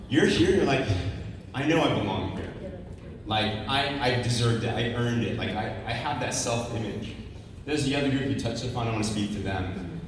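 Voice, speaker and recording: A man's voice: medium pitch, noisy background. A man giving an earnest, personal motivational stage speech at a company conference, with many fillers. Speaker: keynote speaker at a company conference. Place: large conference hall on stage. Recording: echoey hall, far from the mic.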